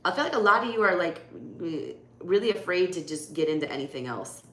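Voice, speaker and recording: In an echoey room with faint noise behind her, a Southern US woman gives a live tarot reading, chatting casually, bluntly, and with plenty of swearing. She speaks fairly quickly and expressively, her lowish voice a bit bright.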